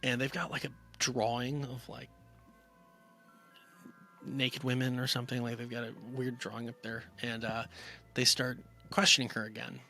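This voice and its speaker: A man's voice: medium pitch, level tone, moderate pace, pushed and bright, faint music behind. A man casually retelling a film's plot for a review podcast, rambling with lots of fillers and acting out the characters' lines. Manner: rambling, filler-heavy retelling with acted-out quotes. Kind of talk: casual film plot recap.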